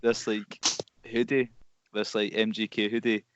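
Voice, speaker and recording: Young Scottish male co-host, low voice, relaxed rambler, dry lo-fi recording. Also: a little slow, noisy background. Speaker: podcast co-host. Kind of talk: casual chat among friends.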